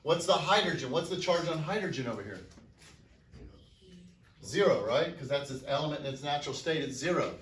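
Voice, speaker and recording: A man's voice: a little high, expressive, brisk, long pauses, a bit bright, slight background noise. A man teaching a chemistry class, asking students questions and answering them himself. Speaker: high school chemistry teacher. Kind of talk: classroom lecture. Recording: echoey classroom from a distance.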